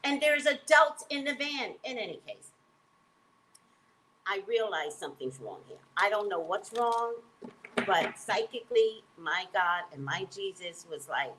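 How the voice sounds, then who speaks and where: A woman who works as a psychic reader, telling a personal story in an emphatic, animated way and acting out the dialogue. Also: medium pitch, a little slow, noisy background.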